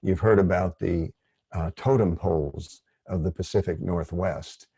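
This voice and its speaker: A man leading an online workshop, speaking in a gentle, rambling, digressive way. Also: low voice, measured pace, breathy edge, no echo. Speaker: workshop facilitator.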